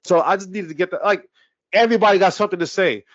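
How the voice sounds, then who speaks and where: Profane ranting man, high voice. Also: fast talker, no room sound, lo-fi sound. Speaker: podcast co-host. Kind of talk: casual sports talk.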